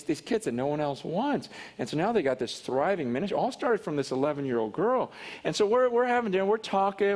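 A man's voice: mid-range voice, a little mellow. A man preaching in an earnest way, telling a personal story and acting out what others said. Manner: earnest, personal storytelling that acts out quoted speech. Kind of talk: sermon storytelling.

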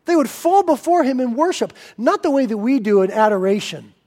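A male pastor preaching a sermon in an animated, emphatic way, swinging between loud and soft. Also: extremely high pitch, brisk.

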